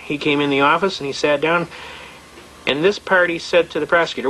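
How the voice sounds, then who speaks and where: Man, fairly high voice, blunt folksy lecturer, courtroom anecdotes, faint background hiss. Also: steady tone, fairly quick, pushed and bright, poor audio. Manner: blunt, storytelling, frequent restarts and repetitions. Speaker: seminar speaker on self-representation in court.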